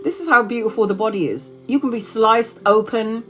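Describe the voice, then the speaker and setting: A woman's voice: on the high side, a little fast, soft background music. A woman in her forties telling a story casually on a live stream, laughing often and swearing freely, then giving a tarot reading. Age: 40s. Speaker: tarot reader.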